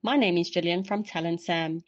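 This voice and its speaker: A woman from South Africa with a South African English accent, reading a clear, measured, professional promotional voice sample for a recruitment agency. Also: on the low side, dull audio.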